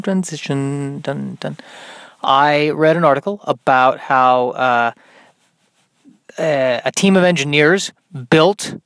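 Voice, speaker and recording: A young man with a high tenor voice hosting a solo podcast, rambling in a dry, self-mocking way with many ums and restarts. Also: no echo. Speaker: podcast host. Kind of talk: solo comedic podcast monologue.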